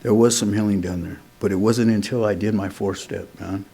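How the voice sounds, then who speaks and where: This is a middle-aged man with a fairly low voice. He shares his story at a meeting in a loose, earnest, conversational way, peppering his sentences with "man" and "you know". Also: fairly even intonation, brisk, vocal fry, warm tone, husky. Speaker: AA meeting speaker. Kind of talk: sharing a recovery story at a meeting.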